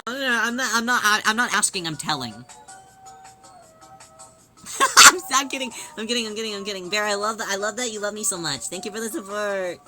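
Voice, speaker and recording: A woman chatting casually on a livestream as she sews, playful and giggly, answering chat and whining in drawn-out yelps. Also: mid-range voice, bright, forceful tone. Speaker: streamer.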